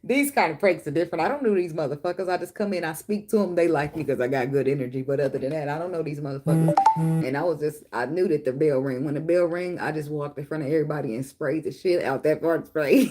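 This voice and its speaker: A woman's voice: low voice, fast, mellow. A middle-aged woman hosting a casual chat with viewers. She tells blunt, profane stories and laughs often. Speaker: tarot reader and channel host.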